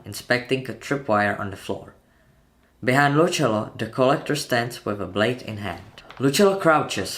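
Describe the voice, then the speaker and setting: A channel host with a medium-pitched, fairly bright voice narrates a horror film breakdown, retelling it scene by scene. His delivery is tense and dramatic, and he makes the sound effects with his own voice.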